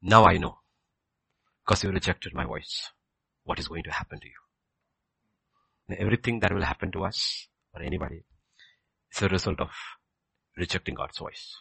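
A man preaching a sermon with passion, leaping from loud exclamations down to hushed near-whispers. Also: low-pitched, normal speed, gravelly, pauses often, slightly rough, no room sound.

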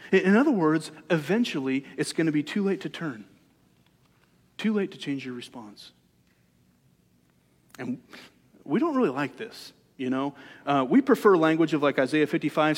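Male pastor, slightly high voice, conversational sermon delivery with rhetorical questions, long hall echo. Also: expressive, normal speed, pauses often.

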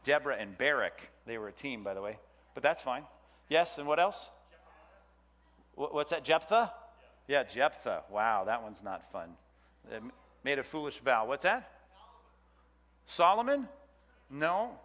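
This Bible class teacher speaks in a medium pitch with big swings, a little slowly and with frequent pauses, his tone slightly bright. He keeps things chatty and joking while quizzing listeners, and the hall adds a long reverb.

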